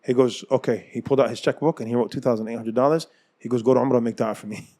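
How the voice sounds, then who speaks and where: A man's voice: mid-range voice, racing. An American man casually telling his own life story, acting out the people in it and often laughing. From United States. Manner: animated, acts out dialogue, laughs often.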